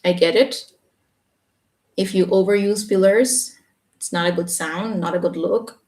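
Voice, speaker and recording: A woman teaching English on a live stream, explaining patiently and checking in with a quick "yeah?". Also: medium pitch, fairly even intonation, darkish tone. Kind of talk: live Q&A reading viewer comments. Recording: echoey room, voice a bit far from the mic.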